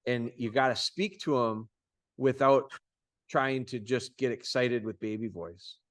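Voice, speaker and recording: A man coaching dog owners over a video call, talking in an informal, folksy way with quick restarts. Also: mid-range voice, no room sound, studio quality. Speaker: dog trainer coaching clients.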